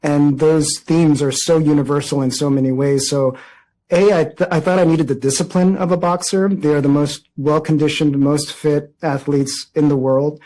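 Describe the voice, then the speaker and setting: Earnest reflective man, slightly high voice. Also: steady tone, normal speed, dark tone, rough recording. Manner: earnest, reflective, many restarts. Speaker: interviewee, actor. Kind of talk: press junket interview.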